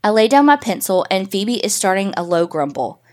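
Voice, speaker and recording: A woman's voice: mid-range voice, very animated, a little fast. Casual, profane woman telling a spooky story. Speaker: podcast host reading a listener story. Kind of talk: first-person story reading.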